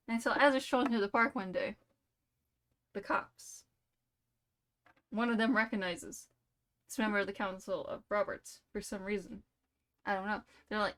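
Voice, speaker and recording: A woman's voice: mid-range voice, steady tone, fairly quick, fairly bright tone. Rambling playful young woman streamer. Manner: rambling, playful, full of "like" and "you know". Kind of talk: rambling made-up story while live streaming.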